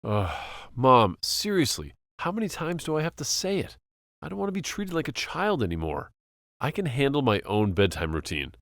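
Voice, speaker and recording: A man's voice: mid-range voice, big pitch swings, normal speed, vocal fry, no room sound. A man voicing an exasperated young college student pushing back against his overbearing mother. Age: young adult. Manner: exasperated, pleading.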